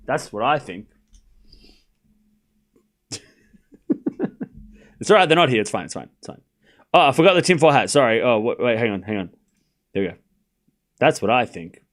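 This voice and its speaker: A man's voice: medium pitch, sing-song, moderate pace, pauses often, fairly bright tone. A young Australian man streaming a tennis watchalong, calling scores and bantering with chat in a joking, sarcastic way. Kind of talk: live watchalong commentary and chat.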